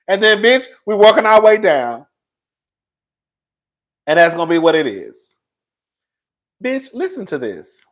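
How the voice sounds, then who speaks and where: A man's voice: high voice, lively intonation, normal speed, long pauses. Vlog host, male; brash, profane, chatty storyteller. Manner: loud, sassy, profane, laughs a lot. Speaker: YouTube commentary host.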